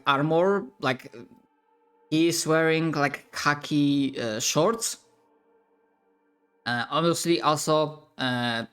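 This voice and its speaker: A man narrating a tabletop role-playing scene as game master, halting and full of fillers. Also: on the high side, a bit bright. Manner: slow, halting, with many fillers.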